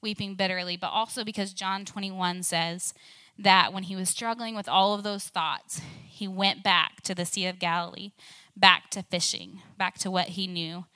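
A young woman preaches in a chatty, storytelling way and keeps dropping in casual fillers. Her voice is bright and middle-pitched. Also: fairly even intonation, moderate pace, clean tone. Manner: conversational, many fillers like "like" and "um".

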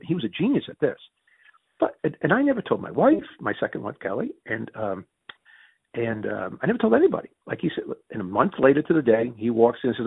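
A middle-aged male interviewee with a Northeastern US Yankee accent, once a mayor and finance executive, tells animated stories in conversation. His husky voice moves lively in pitch as he talks fast and excitably, restarts sentences, and acts out quotes with big jumps. The recording sounds dry, tinny, and phone-like.

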